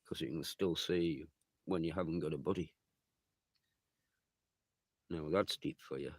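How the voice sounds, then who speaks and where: A man's voice: a bass voice, a little slow, breathy edge, dry recording. A man chatting loosely with his viewers on a livestream, swearing often and rambling from thought to thought. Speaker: livestreamer reading viewer chat. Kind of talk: rambling casual live chat.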